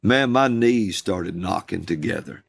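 A man, a minister, telling a personal story in conversation, slow and drawn out. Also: animated, gravelly, breathy edge, dry recording, clean studio sound. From USA. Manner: slow, drawn-out storytelling with calls acted out in a high voice.

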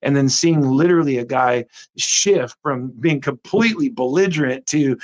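A man's voice: medium pitch, normal speed. A middle-aged man, a guest on an interview, telling a faith story earnestly with many restarts.

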